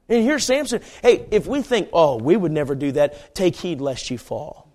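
A fiery preacher with a high, bright voice. He swings from near-whispers to shouted pleas and acts out Bible characters in the telling of his sermon. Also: expressive, moderate pace, few pauses.

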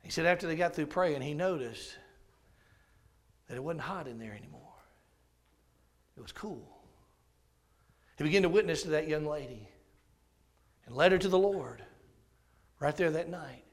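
A man's voice: on the high side, expressive, moderate pace, long pauses. Dramatic preacher man. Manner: dramatic, swings from loud bursts to hushed tones. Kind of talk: storytelling sermon.

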